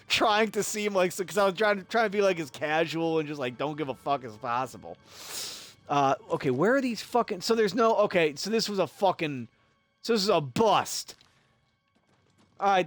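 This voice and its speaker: Young guy streaming, cussing a lot, voice jumps all over, kinda high. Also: no room sound. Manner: profane, animated, acts out quotes. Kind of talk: casual storytelling while gaming.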